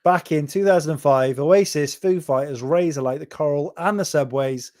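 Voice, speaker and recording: A man's voice: fairly high pitch, moderate pace, a little mellow. A man co-hosting a casual podcast chat, talking in a blunt, jokey, sweary way. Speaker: podcast co-host.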